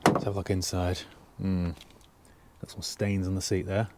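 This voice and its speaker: A man's voice: low-pitched, completely flat delivery, normal speed, heavy background noise. A man giving a casual, dry-humoured walkaround of a used car he has bought, talking from inside the parked car on a cold day. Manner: dry, wry asides.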